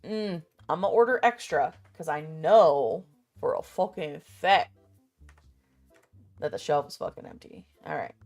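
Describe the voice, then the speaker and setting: Low-voiced sweary woman rambling. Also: expressive, a little slow, darkish tone, soft background music. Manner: muttering to herself while making a list. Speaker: vlogger. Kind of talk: casual chat.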